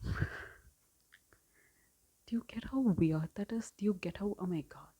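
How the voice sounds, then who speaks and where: A woman's voice: mid-range voice, a little slow, warm tone, slightly rough. A woman casually ranting in a book review vlog, exasperated, with laughing asides and whispered remarks. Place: home filming setup.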